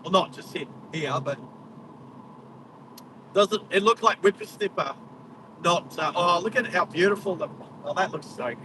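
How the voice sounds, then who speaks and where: A high-voiced Australian man chats casually to his live audience while driving, calling out animals along the road. He sits back from the car mic, and steady road and engine noise runs under everything he says. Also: normal speed, long pauses, far from the mic. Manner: chatty, exclaims at wildlife, talks to live chat. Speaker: driving livestream host. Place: inside a moving car on a country road.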